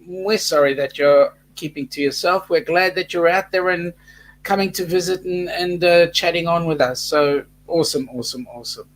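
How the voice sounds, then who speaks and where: A man with an Australian accent co-hosting a casual live stream, reading out viewer comments with many pauses and fillers. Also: a little high, slight background noise. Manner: halting, many fillers, reads out the chat. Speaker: co-host of weekly live stream.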